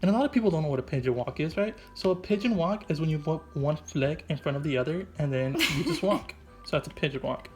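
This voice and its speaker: A man's voice: fairly high pitch, lively intonation, fast, few pauses, darkish tone, faint music behind. A man doing an improvised comic voice-over, rambling and goofy, packing his talk with "like" and "right?". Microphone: voice-over mic.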